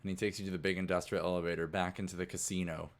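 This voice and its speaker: A man's voice: sits low, level tone, very fast. A man narrating a tabletop game as game master in a casual, rambling way. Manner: casual, filler-heavy narration.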